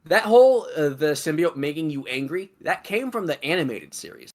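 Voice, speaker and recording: A man's voice: a little high, sing-song, moderate pace. A man co-hosting a stream, giving strong opinions and swearing freely while talking about a video game. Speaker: stream moderator and co-host.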